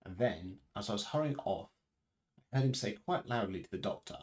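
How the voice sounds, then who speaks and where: Male reader, very low voice, reads a novel aloud on stream, stumbles and restarts now and then. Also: expressive, brisk. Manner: unpolished reading with restarts and self-corrections; varies pitch and loudness for dialogue.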